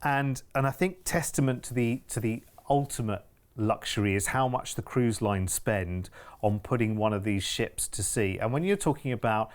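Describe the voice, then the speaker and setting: A British man hosting a travel deals show, talking in a chatty, emphatic and upbeat way. His voice sits at an ordinary middle pitch for a man. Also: moderate pace. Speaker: TV shopping channel presenter. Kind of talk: enthusiastic sales chat.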